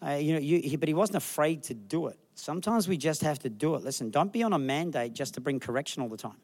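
Pitched fairly high and moving quickly, this middle-aged man delivers a sermon as a pastor. His storytelling is playful and lively, and he does voices for anyone he quotes.

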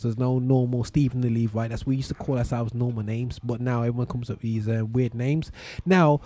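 A man's voice: medium pitch, mellow, no room sound. A man hosting a live radio show, chatting casually, with lots of stammering restarts and laughs.

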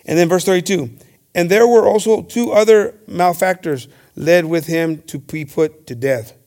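A man in the pulpit, moving between English and Spanish as he reads scripture and preaches. His voice sits a little higher than most men's, and he stumbles and restarts words as he goes, calling out "hermanos" again and again. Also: normal speed, a little mellow. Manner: stammers and restarts often. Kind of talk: bilingual sermon with scripture reading.

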